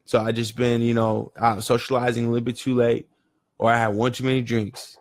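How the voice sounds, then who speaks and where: A man leads a daily group session with a loose, rambling motivational talk. He wanders into stories, doubles back, and restarts his sentences. His voice sits at an ordinary middle pitch. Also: level tone, brisk. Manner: rambling storytelling, with frequent restarts and "you know". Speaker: session leader in a year-long daily challenge.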